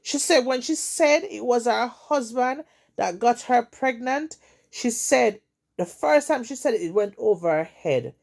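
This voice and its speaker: Jamaican woman host with a gravelly voice, retelling gossip with emphatic, repetitive drama. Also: fairly high pitch, animated, unhurried, darkish tone. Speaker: storytelling host. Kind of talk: retelling a story in casual chat.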